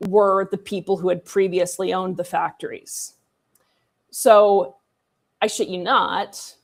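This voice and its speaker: A woman's voice: medium pitch, a little mellow. A woman co-hosting a casual history discussion, chatty and irreverent, with sarcastic asides. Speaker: co-host.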